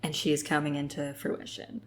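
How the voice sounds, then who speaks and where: A woman's voice: low-pitched, completely flat delivery, moderate pace. A woman co-hosting a podcast in casual chat, laughing often and acting out characters as she retells a story. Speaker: podcast co-host. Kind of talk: casual book-club chat.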